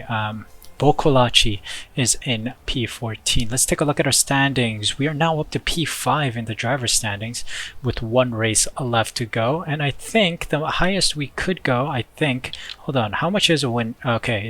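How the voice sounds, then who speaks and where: A young man, a gaming YouTuber, giving casual commentary as he plays with chatty, excitable reactions. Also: mid-range voice.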